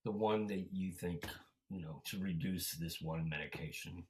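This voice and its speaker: A man hosting a casual conversation, speaking haltingly with many fillers. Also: low voice, a little mellow, low-quality recording. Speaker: host. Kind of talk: casual chat.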